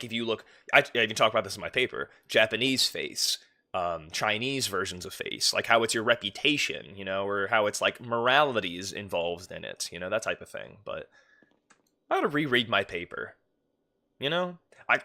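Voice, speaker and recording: Bright-voiced low-pitched male streamer. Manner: rambling, chatty, swears casually. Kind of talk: casual livestream chat.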